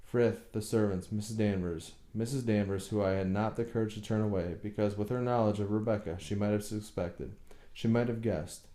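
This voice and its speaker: A man's voice: fairly low pitch, steady tone, moderate pace, warm tone, echoey room, lightly acted. A man voicing a tormented older husband who talks in a brooding, bitter way in an audiobook reading. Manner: brooding, bursts into bitter anger.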